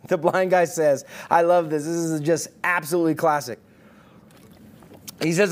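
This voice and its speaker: Brief: high-pitched male pastor preaching online, emphatic, playful. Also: normal speed. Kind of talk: online sermon.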